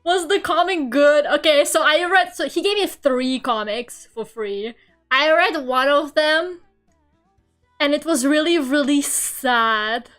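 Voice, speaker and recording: A woman's voice: sits high, slow pace, a bit bright, faint music behind. A young woman streamer chatting casually while she draws, rambling through a story full of fillers and frequent laughs. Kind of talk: casual livestream chat while drawing.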